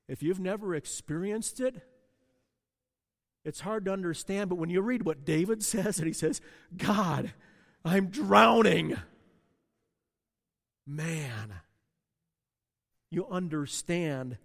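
A man's voice: sits high, sing-song, takes it slowly, long pauses, a little mellow, long reverb tail. A man preaching a sermon, telling a personal story and putting questions to the congregation. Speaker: pastor.

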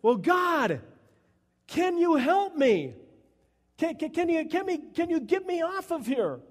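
A man voicing a desperate man hanging from a cliff, shouting and stammering in panic. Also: very high-pitched, very animated, slow pace, in a large hall, voice pushed up, heavily acted. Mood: pleading.

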